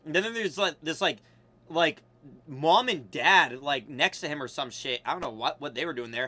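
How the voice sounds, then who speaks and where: Young man, American accent, bright voice, casual streamer chat, slangy, swears a lot. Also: fairly high pitch, moderate pace, dry recording. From United States. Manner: loose, swearing, laughing, lots of "bro" and "like".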